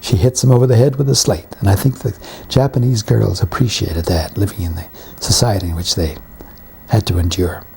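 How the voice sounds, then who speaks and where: A man's voice: lowish voice, brisk, gravelly, darkish tone, slight background noise. A man, telling wry anecdotes about his career in an interview. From Canada. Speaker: veteran actor and writer being interviewed. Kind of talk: reminiscing interview.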